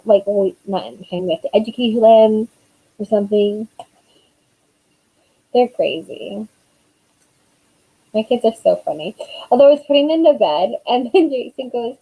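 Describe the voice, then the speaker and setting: A woman's voice: a little high, animated, moderate pace, long pauses, warm tone, breathy edge, rough recording. A woman in her thirties, an author chatting casually on a live stream, rambling with lots of fillers.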